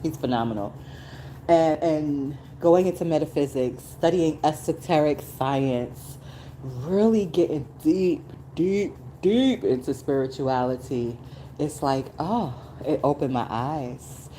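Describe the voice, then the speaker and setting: A middle-aged woman hosting a casual solo podcast, talking emphatically and swinging from low asides to high exclamations. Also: measured pace, dark tone, slight background noise, rough recording. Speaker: podcast host.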